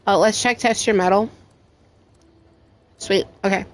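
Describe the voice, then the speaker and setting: With a medium pitch, fairly even intonation and an unhurried pace, a young adult woman chats while streaming a game. She rambles with feeling and uses plenty of fillers, and there's faint background music.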